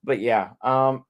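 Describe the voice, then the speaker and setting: A man's voice: mid-range voice, vocal fry, fairly bright tone. Middle-aged guy ranting on his stream, swears a lot, rambles and repeats himself. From North Texas. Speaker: livestream host. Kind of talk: casual livestream rant.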